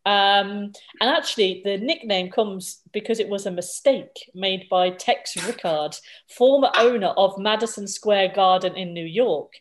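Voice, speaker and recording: A woman's voice: medium pitch, measured pace. A woman co-hosting a casual podcast, chatty and explaining things in long lists. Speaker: podcast co-host.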